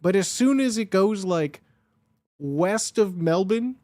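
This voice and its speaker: A young man livestreaming from home and chatting casually with his viewers. He rambles excitably and swears freely. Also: high-pitched, slow pace, dry recording, studio quality. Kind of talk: casual stream chat.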